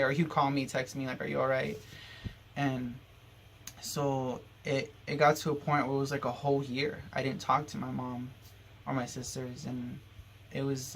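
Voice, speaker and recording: A man's voice: mid-range voice, a little hiss or hum. A young man vlogging a personal story in a rambling, emotional way, full of fillers and restarts.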